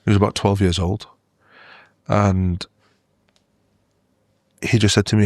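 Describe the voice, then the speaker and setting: A man from Australia and the UK talks as a doctor guest on an interview show. He keeps his voice low and flat, telling his stories earnestly. He often restarts and leans on "you know," and the sound is dry and close. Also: measured pace, pauses often, no room sound. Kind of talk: interview storytelling.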